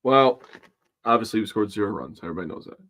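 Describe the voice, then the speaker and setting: A man from Wisconsin co-hosts a casual sports podcast. His voice sits on the low side, and he talks in a relaxed, chatty way while listing pitching numbers. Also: quick pace. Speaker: podcast co-host.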